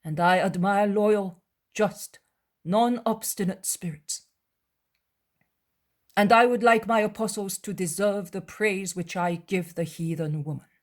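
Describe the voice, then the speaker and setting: A woman voicing a calm, wise male teacher who speaks in a measured, gentle and earnest way in a dramatized audiobook. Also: medium pitch, pitched above the performer's own voice, lightly acted.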